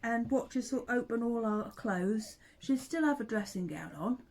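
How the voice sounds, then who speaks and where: A woman's voice: fairly high pitch, normal speed, darkish tone, rough recording. A middle-aged woman, telling family stories in a casual chat, laughing often and sometimes dropping to a whisper. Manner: chatty storyteller who laughs often and drifts into whispers. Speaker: vlogger and mother.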